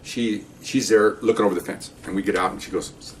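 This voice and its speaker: An older man with a fairly low voice hurries through a tale from his time on the police force, speaking quickly and rambling, restarting sentences and tossing "okay?" at his listener. His intonation stays fairly even in this casual storytelling. He's seated a little back from the mic, and a faint hiss runs underneath.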